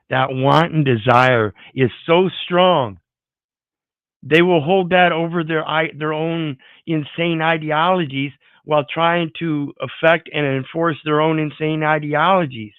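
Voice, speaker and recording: A man's voice: fairly high pitch, steady tone, measured pace, fairly bright tone, smooth, no room sound. A man giving preachy, moralizing commentary, often repeating words as he searches for them. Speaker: panel host. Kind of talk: lecturing commentary. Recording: tinny phone-like line.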